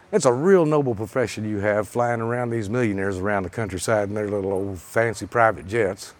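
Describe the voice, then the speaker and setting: Salty storytelling pilot, a man. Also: medium pitch. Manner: salty, animated storyteller with a rising heated tone when quoting. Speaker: pilot and author giving a talk. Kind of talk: storytelling presentation. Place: event stage.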